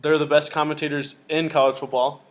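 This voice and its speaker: Young guy on a football podcast, kinda high voice, gets excited fast. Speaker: podcast co-host. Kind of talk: casual sports chat.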